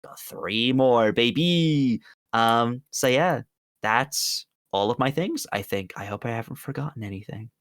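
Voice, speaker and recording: A man wrapping up a tabletop game stream, rambling cheerfully through his plugs with a laugh at himself. His voice is smooth and resonant, recorded close and dry with no room sound. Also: medium pitch, animated, measured pace, a bit bright, no echo. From United Kingdom. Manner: rambling, upbeat, self-mocking. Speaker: tabletop game player plugging his projects. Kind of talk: casual end-of-stream chat.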